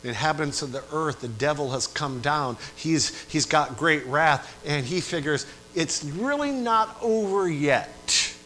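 A man's voice: on the high side, expressive, a little slow, hardly any pauses, a little hiss or hum, rough recording. Man preaching a dramatic sermon. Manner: preaching with big swings between quiet asides and loud rising climaxes; asks the congregation repeated questions.

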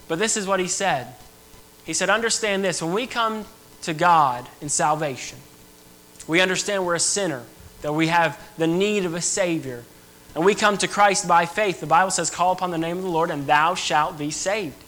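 A man's voice: on the high side, moderate pace, sharp tone, slight background noise, rough recording. A young man preaching an earnest, emphatic sermon to a church. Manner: earnest, emphatic preaching with rising and falling intensity.

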